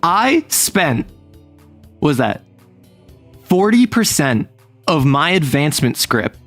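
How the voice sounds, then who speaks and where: A man streaming a casual chat, telling a rambling, animated story and laughing often. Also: mid-range voice, no room sound.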